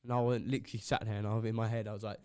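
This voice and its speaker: Young bloke co-hosting a chat podcast: rambles through work gossip, swears freely, plays out both sides of conversations. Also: male voice, on the low side, flat delivery, very fast, dark tone, no room sound. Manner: rambling anecdotes, swearing, acting out others' lines. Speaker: podcast co-host. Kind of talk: casual chat.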